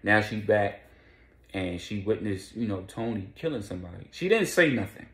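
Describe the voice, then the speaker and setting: A man casually recapping a crime storyline in loose street slang, now and then voicing quoted lines in quick bursts. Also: on the low side, fairly bright tone, echoey room.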